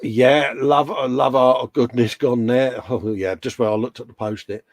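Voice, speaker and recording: A man's voice: mid-range voice, fairly even intonation, moderate pace, no echo. A middle-aged English man co-hosting a casual live chat, jokey and full of friendly slang, calling everyone mate. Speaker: co-host.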